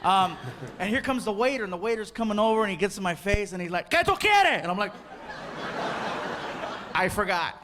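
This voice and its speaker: A man doing stand-up storytelling, animated and laughing, breaking into loud impressions. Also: sits high, quick pace. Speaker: stand-up comedian. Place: on stage before a live audience. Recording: crowd laughter and noise.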